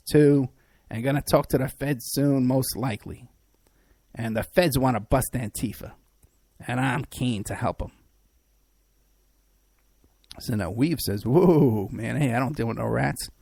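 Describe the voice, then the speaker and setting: Gravelly, sarcastic male podcast host. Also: medium pitch, a little mellow, no echo. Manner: rambling, sarcastic, many fillers and restarts. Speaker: podcast host and private investigator. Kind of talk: casual mocking commentary.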